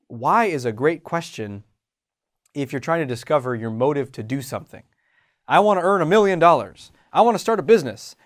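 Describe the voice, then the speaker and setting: A man hosting a self-help show about confidence, talking in an animated way and acting out inner voices. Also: fairly high pitch. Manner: animated, acts out inner voices, frequent restarts. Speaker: host and confidence coach. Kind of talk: motivational self-help talk.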